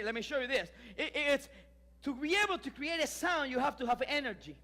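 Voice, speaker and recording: A male pastor, preaching a lively sermon full of restarts and emphatic rises. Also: very high voice, a little fast, long reverb tail. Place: church sanctuary.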